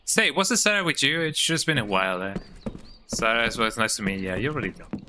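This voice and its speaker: A man's voice: medium pitch, animated, brisk, pushed and bright, slight background noise, rough recording. A man streaming a game, playfully reading the characters' lines aloud and tacking a jokey "eh?" onto them. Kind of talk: casual gameplay commentary. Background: game music.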